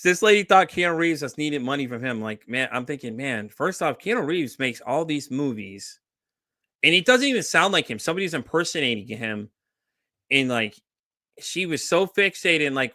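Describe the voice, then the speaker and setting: Bright-voiced man telling animated stories. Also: medium pitch, normal speed, dry recording, clean studio sound. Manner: animated storytelling, acts out quoted voices, swears freely. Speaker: podcast host. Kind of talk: casual podcast chat.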